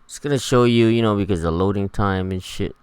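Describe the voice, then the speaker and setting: A man's voice: fairly low pitch, a little fast, darkish tone, clean tone, dry recording, low-quality recording. A man giving laid-back, rambling gameplay commentary, swearing freely as he plays. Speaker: gameplay streamer.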